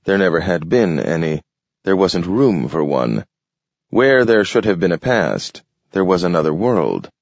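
Deep, slow-spoken male narrator. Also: very animated, vocal fry, no room sound, muffled recording. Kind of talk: scripted narration.

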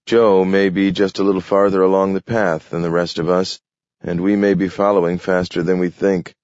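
A man playing a determined grown man who speaks briskly and insistently. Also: deep voice, little pitch movement, a little mellow, dry recording, muffled recording, natural voice. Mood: earnest.

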